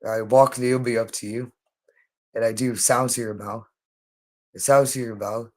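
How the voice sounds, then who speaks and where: A man's voice: medium pitch, fairly even intonation, normal speed. Man in an urgent, repetitive monologue. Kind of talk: rambling direct-to-camera monologue.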